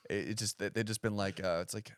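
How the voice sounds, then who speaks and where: A man's voice: fairly low pitch, quick pace, clear, resonant tone. A man in his thirties, a stand-up comedian from the United States, chatting on a podcast with dry, self-mocking humor and acting out other people's voices as he tells stories. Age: 30s. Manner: animated storyteller who acts out other people's voices. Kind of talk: casual podcast chat.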